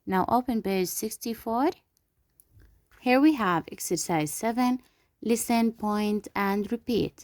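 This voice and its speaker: Woman teaching English, slow clear drills. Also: medium pitch, a little mellow, no echo, studio quality. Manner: slow, drawn-out word modelling, switching to quick explanations. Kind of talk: classroom lesson for young pupils.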